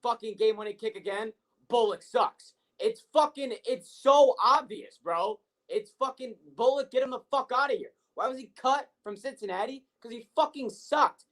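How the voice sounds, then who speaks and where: A man's voice: very high-pitched, moderate pace, few pauses, a bit bright, poor audio. A man co-hosting a sports podcast, ranting with heavy profanity and frustration. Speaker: podcast co-host. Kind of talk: heated sports rant.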